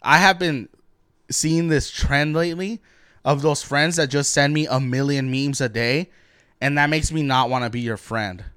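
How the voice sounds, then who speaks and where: Young man, podcast co-host, profane rant, smooth clear voice, dry close mic. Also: fairly high pitch, normal speed, no room sound. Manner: blunt, profane, animated ranting. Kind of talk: casual podcast chat.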